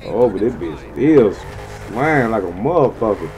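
A man giving casual, slang-heavy gameplay commentary in an excitable way, swearing freely and yelping high when things go wrong. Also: normal speed, few pauses, faint music behind. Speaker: gaming channel host.

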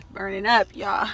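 A bubbly woman chats casually to her phone camera, laughing often. Her voice sits fairly high and she talks slowly. A steady noise runs under the recording. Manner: bubbly, laughs often, calls viewers "y'all". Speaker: vlogger, actor and spoken word poet. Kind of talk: casual vlog chat to camera.

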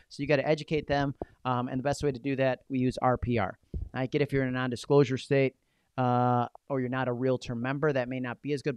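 Punchy, energetic male sales coach. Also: mid-range voice, clear, resonant tone, no echo. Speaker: real estate coach. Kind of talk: training seminar talk.

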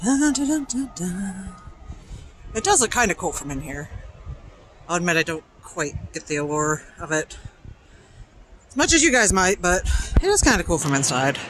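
A man's voice: a little high, sing-song, normal speed, pauses often, bright, forceful tone, slight background noise. A man out of breath, chatting casually while walking through an open pavilion and filming, humming to himself between remarks. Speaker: vlogger. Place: large open pavilion structure outdoors.

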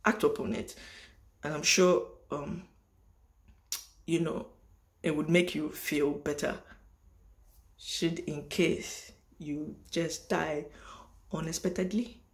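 A man's voice: fairly high pitch, steady tone, slow, long pauses. A man talking straight to camera in a motivational vlog monologue, preachy and emphatic, with lots of rhetorical questions. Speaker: vlogger.

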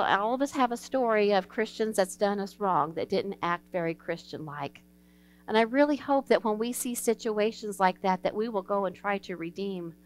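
A woman pastor delivers an evening sermon in a church, her voice smooth and clear, at an ordinary middle pitch. She tells stories in an earnest, folksy way and acts out the voices of the people in them. A faint electrical hum sits under the recording. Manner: earnest, folksy storytelling, acts out quoted dialogue. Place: church sanctuary.

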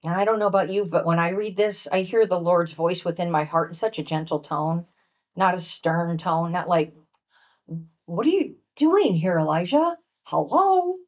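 A woman speaker teaching from scripture to a women's retreat, earnest and gentle, dropping to a soft hush on key points. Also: lowish voice, fairly even intonation, moderate pace. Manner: reads scripture aloud and acts out voices. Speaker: workshop speaker at a pastors' wives' retreat.

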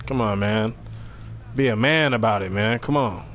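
A young man giving casual, slangy, excitable commentary over a basketball video game, trash-talking the players. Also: lowish voice, moderate pace, slight background noise. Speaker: gaming commentator.

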